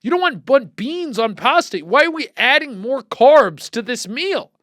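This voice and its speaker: A male podcast host ranting comedically with heavy swearing, animated and exclamatory. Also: very high voice, a little slow, no room sound, studio quality. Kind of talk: profane comedic rant.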